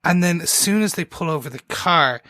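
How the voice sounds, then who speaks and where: Bright, higher-voiced male podcast host. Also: expressive, a little fast, no echo, studio quality. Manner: chatty, jumps between points, many restarts. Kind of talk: casual chat.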